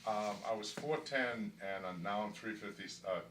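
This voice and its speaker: A man's voice: on the low side, moderate pace, roomy sound. A middle-aged man giving a candid patient testimonial in a hospital room, emphatic and often repeating himself as he stumbles over words. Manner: emphatic, stumbling repetitions, grows excited and loud. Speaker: weight-loss surgery patient. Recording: distant mic with faint background hiss.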